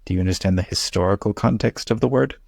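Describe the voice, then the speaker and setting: A man's voice: fairly low pitch, fast, gravelly, a little mellow, husky, no echo. A man teaching English one-on-one at home, explaining patiently with a dry, teasing humor. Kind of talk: one-on-one conversation lesson.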